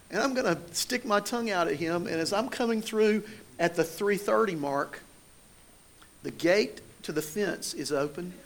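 A man's voice: high-pitched, fairly bright tone, slight background noise. Man preaching with a storyteller's touch. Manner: storytelling, conversational with rising emphasis. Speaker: pastor. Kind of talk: sermon.

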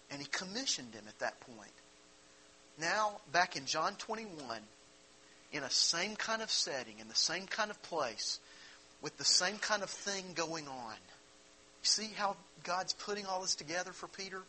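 A man's voice: a little high, expressive, normal speed, sharp tone, a little hiss or hum, poor audio. A man preaching a sermon, explaining a Bible passage in a conversational way and asking his listeners rhetorical questions. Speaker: pastor.

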